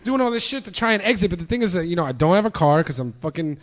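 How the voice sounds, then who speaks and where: A young man from New York telling a story on a podcast, with a fairly high voice. He swears freely and gets animated, acting out the people in it as he goes. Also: racing. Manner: animated, profane, acts out voices. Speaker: podcast guest. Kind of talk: casual storytelling.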